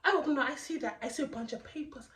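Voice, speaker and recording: A young woman vlogger telling a storytime, animated and laughing, with lots of restarts. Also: high-pitched, very fast, distant mic, slight background noise, low-quality recording. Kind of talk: storytime narration.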